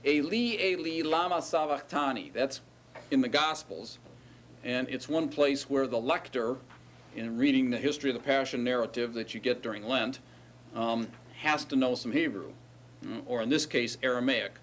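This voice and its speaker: Lecturing at a moderate pace in a mid-range voice, a middle-aged man teaches Hebrew to a class, patiently walking through each step and making sure students keep up. A little hiss or hum is audible.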